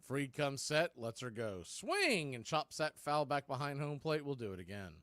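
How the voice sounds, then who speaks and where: A man doing radio play-by-play of a baseball game from a studio, calling pitches in a steady, conversational way with background asides. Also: moderate pace, dry recording. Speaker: play-by-play announcer.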